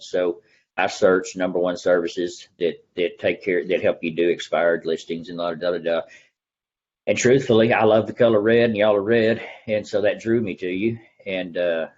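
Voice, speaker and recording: A middle-aged man with an East Texas drawl and a husky, fairly low voice tells a story in a folksy, earnest way, slipping into the voices of people he remembers. He is a real estate agent in a casual interview. The recording sounds dull and lo-fi. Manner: folksy, earnest storyteller who acts out the dialogue he recalls.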